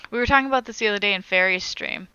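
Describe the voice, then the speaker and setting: A woman's voice: mid-range voice, rapid-fire, pushed and bright, smooth, no room sound, muffled recording, faint music behind. A woman on a crochet live stream, chatting casually as she reads viewer comments aloud and answers them.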